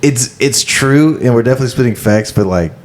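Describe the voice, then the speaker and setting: A young man co-hosting a podcast in casual chat, halting and reflective, full of fillers. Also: mid-range voice, slight background noise. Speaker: podcast co-host.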